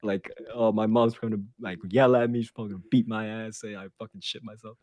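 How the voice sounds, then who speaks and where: A man hosting a podcast, telling a story in a casual, animated and profane way, laughing as he goes. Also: lowish voice, quick pace, dry recording. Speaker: podcast host.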